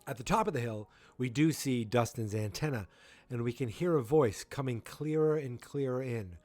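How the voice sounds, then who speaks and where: Animated man recapping a show. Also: medium pitch, no room sound. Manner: animated storytelling with quick quoted impressions. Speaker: podcast host. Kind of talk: casual episode recap.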